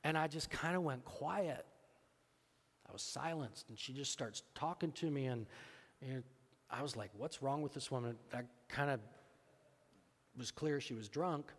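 A man preaching from the pulpit, his voice carrying with a long reverb through the church. He tells a story with lively quoted dialogue at a middle pitch, then moves into earnest, quiet exhortation. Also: measured pace, pauses often. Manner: storytelling, acting out both sides of a dialogue. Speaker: pastor. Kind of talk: sermon.

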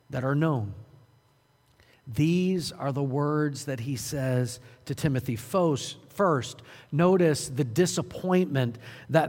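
A man preaching a sermon, earnest and urgent, swinging from loud emphasis to quiet, low moments. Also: big-room sound. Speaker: pastor.

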